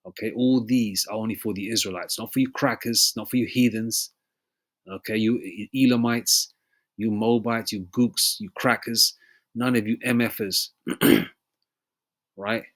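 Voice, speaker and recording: A man preaching an informal sermon, reading verses slowly and pausing to ask "you know?" and "okay?" again and again, with throat clearing between passages. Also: lowish voice, fairly even intonation, a bit bright. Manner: emphatic, repeats "you know?" and "okay?" often.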